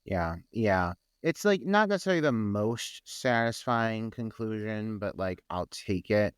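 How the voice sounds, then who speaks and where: A man co-hosting a podcast, chatting loosely about a film's ending with plenty of swearing. His voice sits somewhat low. The recording is dry and close. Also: expressive, unhurried, clean tone, no echo. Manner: laid-back, profane commentary. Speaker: podcast co-host. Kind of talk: casual film discussion.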